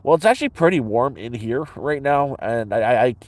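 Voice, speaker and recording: A man's voice: medium pitch, expressive, brisk, no echo. A man vlogging from inside his sleeping bag, telling a story in a blunt, profane, rambling way with many restarts. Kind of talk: casual rambling storytelling to camera.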